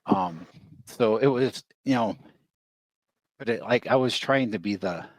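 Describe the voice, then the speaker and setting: A man's voice: lowish voice, unhurried, no echo. A man hesitantly telling his part of a story, with many fillers and restarts. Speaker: guest storyteller. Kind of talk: casual storytelling.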